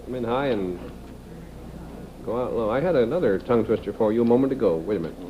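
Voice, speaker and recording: A man hosts a late-night TV show in easy, playful banter, chuckling between lines. His voice comes through a dull, muffled off-air TV recording. A steady hiss sits under everything. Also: medium pitch, quick pace. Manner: playful, chuckling, reads out tongue twisters. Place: TV studio.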